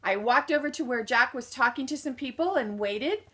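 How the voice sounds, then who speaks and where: A lively woman motivational speaker tells a personal story at a moderate pace, her voice bright, forceful, and a little high. She acts out what people said and asks the audience questions before answering them herself.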